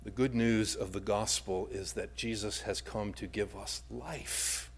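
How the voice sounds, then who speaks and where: A man preaching a sermon. His delivery swings from loud emphasis down to a near-whisper. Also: fairly low pitch, fairly even intonation, a little slow, slightly rough. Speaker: pastor.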